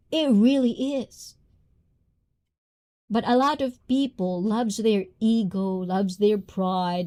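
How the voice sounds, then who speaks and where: A woman's voice: medium pitch, mellow. A woman livestream host, not a native English speaker, talking bluntly and reading viewer comments aloud. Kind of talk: casual talk with chat.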